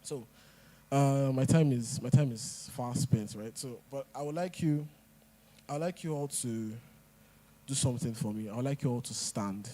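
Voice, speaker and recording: A man's voice: medium pitch, moderate pace, mellow, slight background noise. A man giving a motivational talk at an event, emphatic and repeating his points. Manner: emphatic, repeats lines, pidgin asides. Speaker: speaker.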